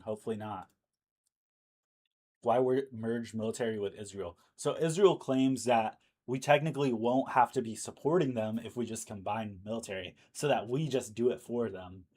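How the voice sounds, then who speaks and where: Speaking at a medium pitch with a slightly mellow quality, this livestream news host chats casually and thinks out loud, using fillers. His voice is giving out.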